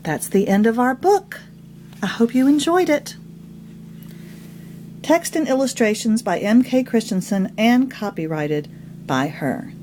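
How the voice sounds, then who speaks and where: A woman reading her own children's picture book aloud in an expressive storytelling manner. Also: fairly high pitch, measured pace, pauses often, slight background noise.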